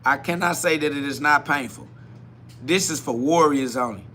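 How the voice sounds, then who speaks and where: Host, male, bright tense voice, preachy live self-talk, faint background hum. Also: on the high side, normal speed. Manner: preachy, repetitive, swings between quiet musing and loud emphatic bursts with laughter. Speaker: podcast host.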